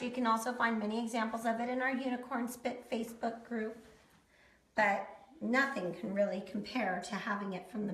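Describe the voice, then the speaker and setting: A woman's voice: on the high side, a bit bright. A woman giving a casual how-to painting demonstration, chatting folksily to viewers as she works. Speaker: DIY painting instructor. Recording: roomy echo.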